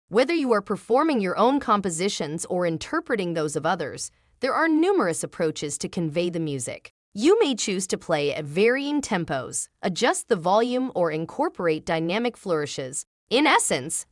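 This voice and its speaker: A woman's voice: fairly low pitch, dry recording, clean studio sound. A woman narrating a book summary in a polished, scripted reading without fillers.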